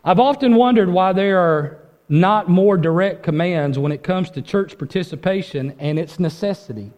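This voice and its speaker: A man preaching a sermon as pastor, urgent and conversational, dropping low then rising with force. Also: normal speed, a little mellow, in a large hall. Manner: urgent, conversational preaching with dramatic drops and rises.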